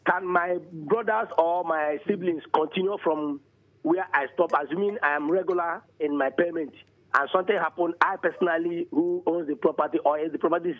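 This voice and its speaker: A man calls in to a talk show and asks a halting question full of fillers. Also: a little high. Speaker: phone-in caller. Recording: tinny phone line.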